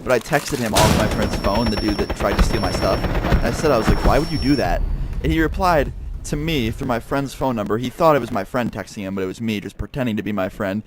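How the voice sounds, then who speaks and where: A man's voice: lowish voice, fast talker, very noisy. A young man, a YouTuber, telling a story casually and animatedly, with lots of swearing. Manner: animated, profane, heavy swearing. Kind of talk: casual storytelling over gameplay. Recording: game sounds and gunfire behind voice. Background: gunfire and clicks from a game.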